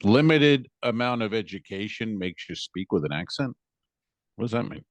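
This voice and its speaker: A man's voice: fairly low pitch, animated, moderate pace, dry recording. A man co-hosting a comedy podcast, teasing his partner with needling questions in casual chat. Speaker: podcast co-host.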